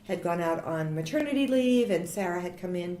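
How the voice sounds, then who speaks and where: A woman's voice: fairly low pitch, a little fast. A woman in her forties telling stories from her career as an interview guest, laughing often and acting out what people said. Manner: animated, laughing, acts out quotes. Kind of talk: casual interview storytelling. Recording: roomy echo.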